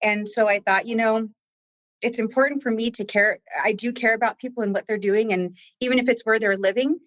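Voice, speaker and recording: A woman's voice: a little high, fairly even intonation, a little fast, fairly bright tone, no echo, lo-fi sound. A woman who talks with staff at a coaching office, telling stories in an earnest, heartfelt way and close to tears. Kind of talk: emotional conversational interview.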